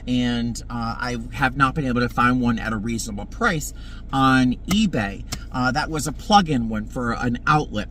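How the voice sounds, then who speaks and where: A man in a casual vlog, telling a story from his work as a flight attendant. He is emotional and dramatic, often stressing words suddenly. His pitch sits in the middle, and faint ambient noise runs behind him. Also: bright, forceful tone.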